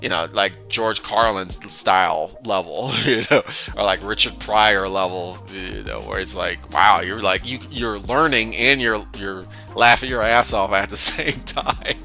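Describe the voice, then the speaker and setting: Man, casual philosophy host, sharp forceful tone, gravelly fry, rambling talk with frequent laughs. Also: lowish voice, measured pace, few pauses, faint music behind. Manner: rambling, laughs often between points, frequent restarts. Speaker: host of a philosophy discussion channel. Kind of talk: casual conversational monologue.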